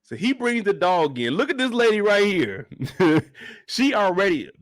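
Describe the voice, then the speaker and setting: Animated man ranting about a TV episode. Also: high-pitched, unhurried, dry recording, clean studio sound. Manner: animated, profane, laughing often. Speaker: show reaction host. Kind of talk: comedic TV episode reaction rant.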